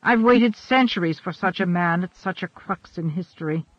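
Ageless immortal man, earnest and formal, high-voiced, read by a male narrator, dry dull recording. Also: moderate pace, dry recording.

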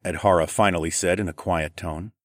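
A man narrating a novel in the first person, delivering brisk narration and pushier, raised dialogue. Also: low voice, steady tone, no echo, clean studio sound. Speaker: audiobook narrator.

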